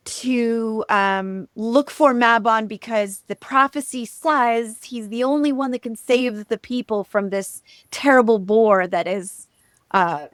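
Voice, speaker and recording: Chatty high-voiced woman telling folklore. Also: no echo, clean studio sound. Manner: chatty, laughing, many fillers. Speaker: podcast host. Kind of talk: casual storytelling chat.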